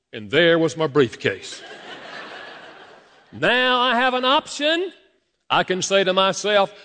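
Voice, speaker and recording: A man preaching a sermon, telling stories and speaking directly to his congregation with lively emphasis. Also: high voice. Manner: animated storytelling preacher, addresses congregation directly. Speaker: pastor. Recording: long hall reverb.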